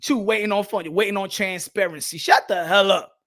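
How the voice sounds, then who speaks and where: A high-voiced man with a gravelly, bright edge to his voice. He rants loudly and profanely as a boxing channel host, firing heated commentary straight at his viewers. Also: brisk. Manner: loud, profane, heated ranting. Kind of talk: ranting livestream commentary.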